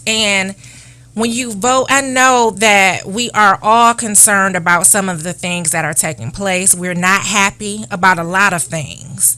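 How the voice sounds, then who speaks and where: Bright-voiced woman urging people to vote. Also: medium pitch, unhurried, no echo. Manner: earnest, urging, repetitive calls to vote. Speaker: elected official guest. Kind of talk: political appeal on talk show.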